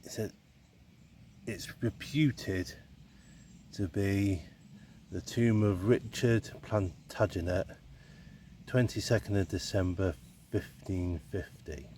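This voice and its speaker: Deep and mellow, this man's voice moves slowly, with long pauses and a little background noise. He's vlogging as he walks through open countryside, talking casually, wryly and ramblingly to the camera with playful asides.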